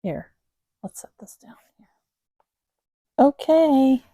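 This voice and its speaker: A woman hosting a channel, chatting gently to her cats and then reading a psalm aloud. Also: high-pitched, lively intonation, takes it slowly, no room sound. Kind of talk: casual chat then slow Bible reading. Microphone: phone camera, later set down.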